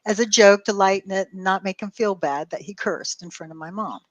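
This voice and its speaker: A woman talks through a long personal story, acting out both sides of every exchange in her own voice. She swears freely and keeps a casual, animated tone. The sound is dry and close, with no room echo. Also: medium pitch, brisk. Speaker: co-host telling a story.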